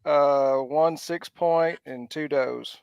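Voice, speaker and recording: A man's voice: on the high side, fairly even intonation, slow, gravelly, darkish tone, clear, resonant tone, no room sound. Laid-back man. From Georgia, US. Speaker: guest. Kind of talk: casual chat.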